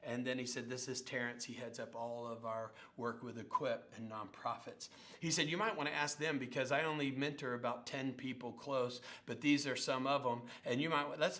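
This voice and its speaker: A middle-aged male pastor telling stories in a sermon, animated and acting out the people he quotes. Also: mid-range voice, normal speed. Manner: animated storyteller, acts out quotes and sounds. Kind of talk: sermon storytelling.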